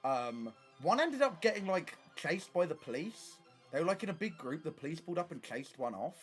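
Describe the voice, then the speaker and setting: A young man streaming, telling stories in casual chat, animated and swearing often. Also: on the high side, brisk, faint music behind.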